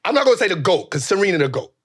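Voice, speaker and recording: High, lively-voiced male podcast host. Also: very fast. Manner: animated, profane, joking rants. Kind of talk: casual comedic chat.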